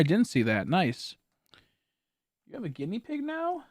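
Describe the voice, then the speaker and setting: A streamer chatting casually over a game, animated, laughing often and swearing freely. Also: medium pitch, measured pace, no room sound, studio quality. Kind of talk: casual gameplay stream chat.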